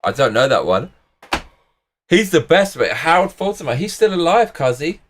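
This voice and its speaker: Sweary British man, lively pitch. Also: normal speed. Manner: rambling, sweary, jokey slang. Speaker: live-stream host. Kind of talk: casual live-stream chat.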